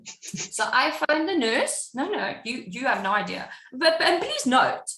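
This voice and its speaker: A woman's voice: high-pitched, unhurried, echoey room, slight background noise. A woman guest on a podcast, telling a personal story in casual chat and acting out what other people said. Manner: animated, acts out what others said. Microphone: podcast microphone.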